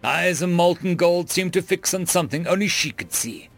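A man narrating a fantasy story in a dramatic, expressive reading. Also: high-pitched, normal speed, vocal fry, faint music behind.

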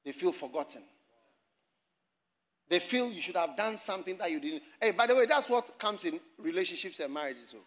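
A man preaching a sermon in a church, animated and often shouting and laughing as he addresses the congregation and online viewers. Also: high voice, brisk. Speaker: pastor.

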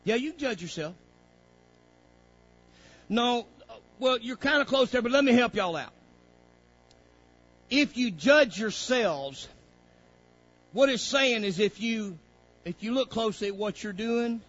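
Man, high voice, folksy Bible teacher, preacherly, dull lo-fi recording. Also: lively intonation, measured pace, pauses often, a bit bright. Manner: folksy, preacherly, frequent "praise God". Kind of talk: Bible study lesson with young students.

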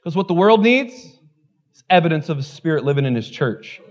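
A man preaching a sermon as pastor, animated, swinging between loud exclamations and quieter asides. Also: on the high side, moderate pace, muffled recording.

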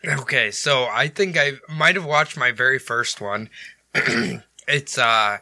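Man, podcast co-host, very bright voice, dry close sound, loose and rambling. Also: mid-range voice, slow, dry recording. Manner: rambling, laughs often, swears casually. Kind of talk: casual chat.

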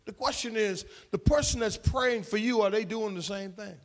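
A man's voice: sits high, normal speed. A man preaching a sermon in an emphatic, call-and-response way, with folksy slang.

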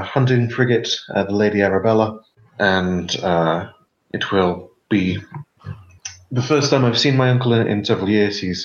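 A man's voice: on the low side, lightly acted. Man putting on a prim cut-glass aristocratic lady. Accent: posh cut-glass. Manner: halting, prim, condescending politeness. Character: haughty upper-class young woman, prim client. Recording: echoey, dull lo-fi room sound.

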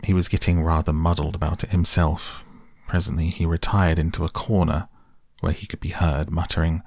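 A man reading a classic animal storybook aloud in a measured way. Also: low-pitched, flat delivery, gravelly, darkish tone, no echo, studio quality. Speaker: narrator.

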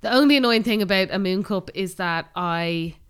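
A woman's voice: medium pitch, a bit bright, clean tone. A young woman co-hosting a podcast, talking candidly in casual chat. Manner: candid, chatty, quick to react. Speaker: podcast co-host.

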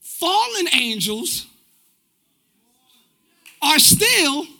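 A man preaching a live church sermon in a casual, energetic way, using everyday slang and talking straight to the congregation. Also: very high voice, very slow, creaky. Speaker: pastor. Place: church sanctuary.

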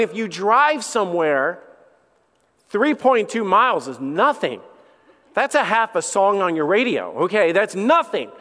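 A man's voice: high voice, a bit bright. A middle-aged man preaching a sermon in a casual, joking way, full of fillers and repeated starts. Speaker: pastor. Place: church sanctuary. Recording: long hall reverb.

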